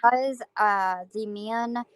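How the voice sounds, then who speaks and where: A woman's voice: a little high, slow pace, smooth, dry recording. Woman guest earnestly filling everyone in, dry close sound. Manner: earnest, recounting news. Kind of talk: casual chat.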